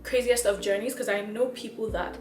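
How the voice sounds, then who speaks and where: In an echoey room with soft music in the background, a young woman from Nigeria chats to camera as a vlogger. Out of breath, she laughs and repeats herself, her mid-range voice steady in tone and a little fast.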